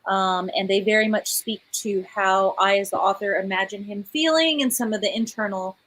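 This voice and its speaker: A woman chatting casually to viewers of a livestream. She is the author, laughing often and warmly addressing the audience as "y'all". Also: mid-range voice, normal speed, low-quality recording. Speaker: author hosting a live book premiere.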